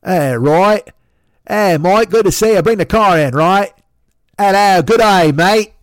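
A man doing a loud mock-Australian accent as a chummy male car mechanic who keeps saying "right?". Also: high-pitched, measured pace, no room sound, studio quality, voice pushed up. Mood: hearty. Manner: loud, brash, repeats "right?".

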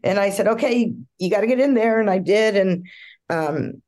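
A woman's voice: mid-range voice, normal speed, darkish tone. An older woman recounts stories from her acting career in a chatty, rambling way. She restarts sentences often and breaks into laughter between them. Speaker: guest actress. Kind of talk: storytelling interview.

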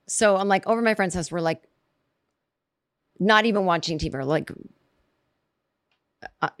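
A woman spins a comic story out loud, circling back on herself and piling on "like" and "you know". Her voice leaps up when she hits a punchline. The recording is close and dry, with no room sound. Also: moderate pace, dry recording. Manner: rambling, self-interrupting, lots of "like" and "you know"; animated, jumps in pitch for emphasis.

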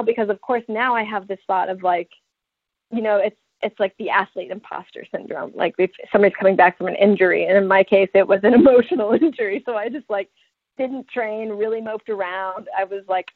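A young woman tells her story in a casual, animated way, laughing and slipping into the voices of people she quotes. Her voice is dry and close, squeezed into a tinny, phone-like band. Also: medium pitch, brisk, dry recording. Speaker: Paralympic track athlete telling her story.

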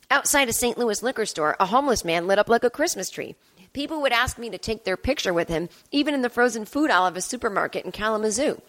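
A woman's voice: mid-range voice, fairly bright tone. A woman in her fifties hosting a podcast, telling a candid, wry personal story in a monologue from home. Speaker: podcast host.

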